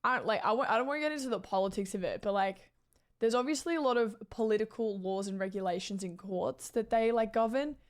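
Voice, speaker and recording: A woman's voice: a little high, fast talker. A woman with an Australian accent chatting casually with her stream viewers, rambling with lots of "like" fillers and restarts. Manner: chatty and rambling, with frequent "like" fillers and self-corrections. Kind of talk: casual chat.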